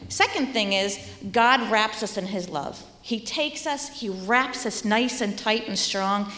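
A woman teacher giving a children's message at church, speaking animatedly to kids and sometimes dropping to a soft whisper. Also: medium pitch, measured pace. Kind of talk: children's sermon. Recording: echoey hall.

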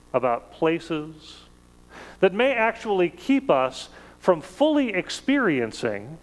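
A man preaching a sermon in a measured, conversational way, with emphatic rises on key words. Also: fairly high pitch, long reverb tail, poor audio.

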